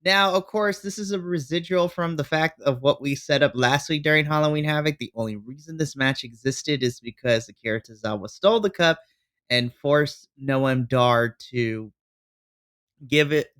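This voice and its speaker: Bright-toned excitable American podcast man. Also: mid-range voice. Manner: enthusiastic, excitable recapping. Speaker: podcast co-host. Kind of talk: casual wrestling recap.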